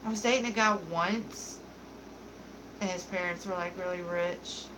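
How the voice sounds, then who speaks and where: A young adult woman hosts a beauty livestream, chatting casually and reading viewer comments in a giggly, candid, joking way. Her voice sits on the low side, steady in tone and a little slow, with background noise present.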